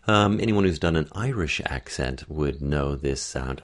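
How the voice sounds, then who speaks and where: Slow, very deep-voiced male voice coach. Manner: demonstrates vowels, quotes accent samples, sings scales. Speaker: accent and voice coach. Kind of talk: phonetics lesson.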